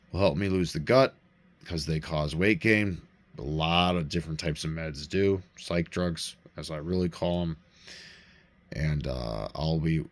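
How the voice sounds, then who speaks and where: Deep-voiced man in a profane rambling rant. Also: no room sound. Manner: rambling, profane, self-interrupting. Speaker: vlogger. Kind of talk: rambling personal vlog rant.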